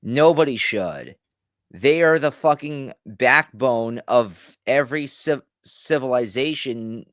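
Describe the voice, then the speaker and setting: A man's voice: medium pitch, a bit bright, no echo, clean studio sound. A man streaming a reaction, ranting casually, stumbling over restarts and swearing freely.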